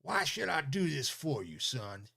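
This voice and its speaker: A man putting on the voice of a gruff, angry older male government official who questions him suspiciously. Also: on the high side, expressive, moderate pace, fairly bright tone, voice pushed up.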